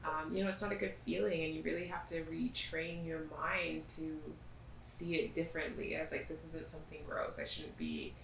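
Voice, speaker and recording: Woman, earnest and expressive, low pitch, echoey room, faint ambience. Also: normal speed, creaky, distant mic, slight background noise. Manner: earnest, expressive, quotes others in mock voices. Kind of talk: casual group conversation.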